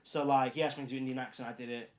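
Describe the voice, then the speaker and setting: Fast-talking British man, animated storyteller. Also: medium pitch. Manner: animated storytelling, many fillers. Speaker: guest YouTuber. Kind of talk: casual podcast chat.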